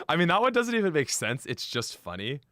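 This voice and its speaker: A man's voice: a little high, very animated, normal speed, a bit bright, no room sound, studio quality. A young adult man chatting on a live stream, laughing often and talking straight to his chat. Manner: giggly, frequent laughter; chatty, addresses chat directly.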